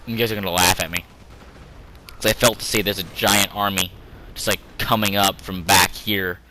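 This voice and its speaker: Talking mostly to himself, a young man offers joking, meandering commentary as he plays a strategy game at his computer. The voice is low-pitched and sharp in tone, with fairly even intonation at a moderate pace. There is a little hiss or hum on the poor-quality audio.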